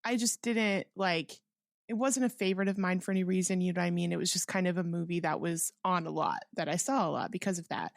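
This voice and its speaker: A woman's voice: on the low side, steady tone, quick pace, creaky, no room sound, studio quality. Easygoing woman on a movie podcast. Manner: easygoing, hesitant, rambling. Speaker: podcast co-host. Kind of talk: casual movie review chat.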